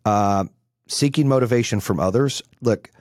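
A man's voice: medium pitch, normal speed, darkish tone, no room sound, clean studio sound. Brash, profane motivational man in his forties. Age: 40s. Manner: brash, blunt and swearing. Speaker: business coach.

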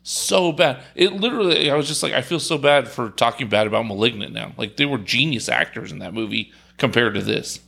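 A man co-hosting a podcast, giving blunt, animated opinions on a film in casual chat. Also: medium pitch, quick pace, gravelly, few pauses, breathy edge. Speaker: podcast co-host reviewing a film.

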